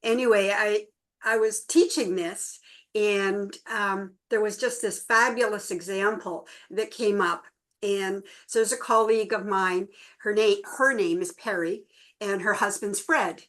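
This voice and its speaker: A woman's voice: medium pitch, unhurried. A middle-aged woman co-hosting a relationship workshop, telling stories to a small group and livening up the quoted voices. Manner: storytelling, animated in quoted voices. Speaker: workshop co-host. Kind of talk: relaxed talk to a small group.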